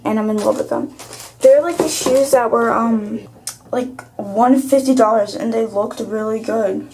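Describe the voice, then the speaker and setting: A woman's voice: on the high side, a little slow, darkish tone, a little hiss or hum. A teenage girl vlogging in casual chat, rambling through a story with lots of "like" and sounding exasperated as she vents. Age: teens. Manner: rambling storytelling, heavy use of "like"; exasperated, venting.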